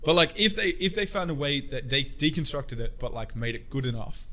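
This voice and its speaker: A man's voice: fairly high pitch, expressive, brisk, bright, forceful tone. A young man co-hosting a podcast, bantering crudely, joking, swearing and laughing often. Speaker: podcast co-host.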